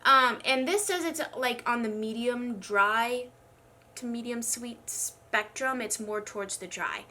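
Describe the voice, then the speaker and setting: This young woman's voice is on the high side, a little slow, pushed and bright. As a beauty vlogger doing a casual get-ready-with-me chat over her makeup, she sounds congested, struggles somewhat to speak, and keeps rambling in a chatty, self-deprecating way.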